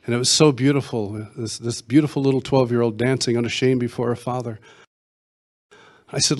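A man's voice: medium pitch, steady tone, brisk, a little mellow. A man, a worship songwriter, telling an emotional personal testimony and leading a prayer. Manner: earnest storyteller, emotional, acting out quotes.

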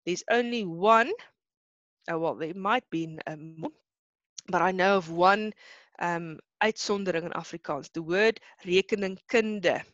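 A woman's voice: lowish voice, unhurried, a bit bright, no echo. South african lady teaching online, keeps asking if you follow, dull dry sound. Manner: explains step by step, checks in with students. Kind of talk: online lesson.

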